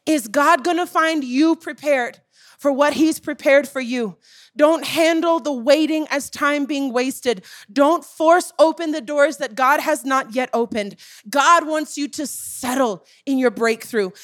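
A woman preacher with a high, bright-pitched voice. She delivers a sermon with emphatic, repeated questions, calling out directly to the church. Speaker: pastor.

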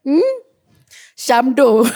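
A woman preaching a sermon in a church, animated, who laughs at her own slips and cries out with joy. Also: high-pitched, very slow.

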